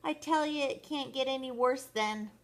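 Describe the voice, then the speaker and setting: A woman's voice: sits high, moderate pace, voice pushed up. An older woman voicing a nervous, wailing little boy in a read-aloud storybook. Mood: fretful. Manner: wailing, worried.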